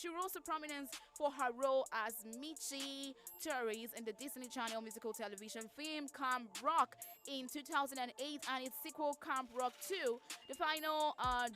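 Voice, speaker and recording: Woman, radio host, chatty entertainment gossip, higher voice, faint music bed. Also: fairly bright tone. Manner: chatty, reacts openly to the news. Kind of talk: casual entertainment news chat. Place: radio studio.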